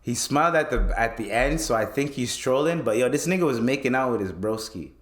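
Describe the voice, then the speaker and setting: A man's voice: mid-range voice, a little fast, reverberant. Man ranting profanely on his podcast. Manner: profane, animated ranting with laughs. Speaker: podcast host. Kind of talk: casual solo podcast rant.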